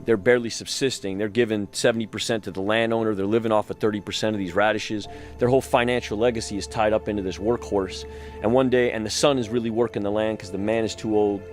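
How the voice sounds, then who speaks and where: A man telling a long story in casual, loose speech, swearing freely and restarting his sentences. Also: fairly low pitch. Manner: loose and profane, with frequent restarts.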